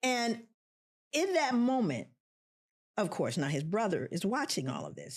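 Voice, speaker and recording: Husky, animated middle-aged woman. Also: medium pitch, unhurried. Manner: impassioned, acts out quoted voices, repeats for emphasis. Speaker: professor of social work, guest. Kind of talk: emotional storytelling.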